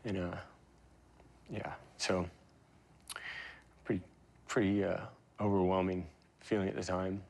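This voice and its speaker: A man in his forties, a guest in an interview, telling personal stories in a halting, emotional way with many fillers and restarts. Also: sits low, little pitch movement, vocal fry, darkish tone. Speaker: interview guest, pro surfer. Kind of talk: reflective interview storytelling.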